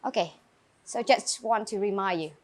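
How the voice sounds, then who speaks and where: A woman's voice: medium pitch, moderate pace. A woman with a Vietnamese accent teaching an English grammar lesson in a classroom, calling on students and praising answers.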